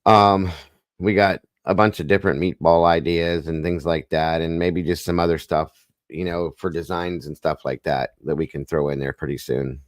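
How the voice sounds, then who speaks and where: A man hosting a live stream, chatting casually in a rambling, folksy way and clearing his throat now and then. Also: sits low, steady tone, moderate pace, no echo, studio quality. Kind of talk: casual chat.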